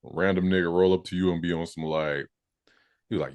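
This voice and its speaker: A man's voice: low voice, steady tone, brisk, a little mellow, smooth, no echo. A man co-hosting a casual TV recap podcast, laid-back and joking, mimicking characters. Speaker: podcast co-host.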